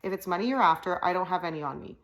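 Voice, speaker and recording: A woman's voice: fairly low pitch, lively intonation, very fast, close to an everyday voice, low-quality recording. A woman voicing a stern, cold male teacher with a clipped way of speaking, in an audiobook reading. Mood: cold, curt.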